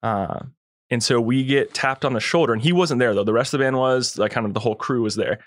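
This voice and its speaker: A man's voice: medium pitch, fast talker, dry recording, clean studio sound. A young man, a podcast guest, telling a long story in a laid-back, slangy way and acting out quotes. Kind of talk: casual storytelling.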